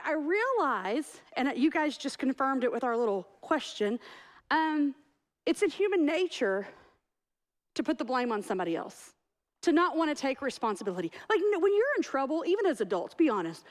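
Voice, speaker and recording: A woman delivers a sermon in a church. Her voice sits high, and she tells her stories in a chatty, joking way, often teasing herself. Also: sing-song, moderate pace. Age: 40s. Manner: chatty, self-deprecating storytelling. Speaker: pastor.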